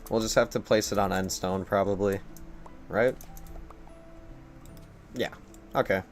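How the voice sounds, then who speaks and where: A man's voice: lowish voice, fairly even intonation, a little slow, soft background music. A young man live-streaming a game at his computer, rambling and joking at his own expense. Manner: rambling, joking and self-deprecating. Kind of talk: casual gameplay live-stream commentary.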